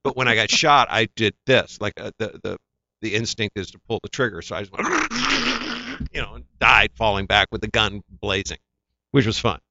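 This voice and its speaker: A man's voice: fairly low pitch, a little fast, creaky, lo-fi sound, very noisy. A man, an actor, telling stories from his career in a casual interview, acting out the voices of the people he quotes. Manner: animated anecdotes, acts out quoted voices. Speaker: actor, guest.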